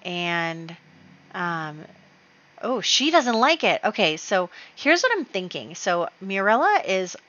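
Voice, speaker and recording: A woman's voice: mid-range voice, very animated, slow, a bit bright, dull audio. A woman hosting a let's play, chatting casually as she narrates her game moves with fillers and small laughs.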